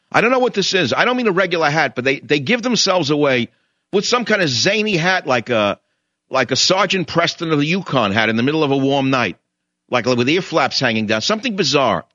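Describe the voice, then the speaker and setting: An older man hosts a radio talk show with a bright, forceful voice, and his pitch swings widely as he rants. He mocks people and acts out their voices while he tells his story. The sound is dry and a little dull, like a radio studio. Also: dry recording. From New York. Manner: indignant, mocking, storytelling with mimicked voices. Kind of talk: ranting monologue.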